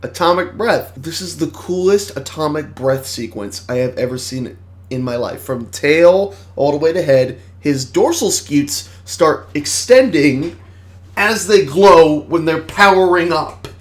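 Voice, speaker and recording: Excitable, foul-mouthed young-sounding male reviewer. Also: on the high side, measured pace. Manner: excitable, rambling, swears a lot. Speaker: movie reviewer. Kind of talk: casual movie review.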